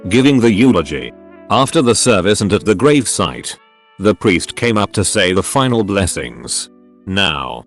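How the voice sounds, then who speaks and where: Lively low male story reader. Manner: reads first-person anecdotes straight through, including edit notes. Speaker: narrator of reddit stories. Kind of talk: scripted reading of online posts.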